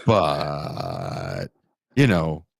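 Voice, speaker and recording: A man in his forties hosting a podcast, telling a story in a casual, animated way and acting out the people in it. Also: rumbling low, very slow, vocal fry, breathy edge, no room sound, studio quality. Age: 40s. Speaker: podcast host.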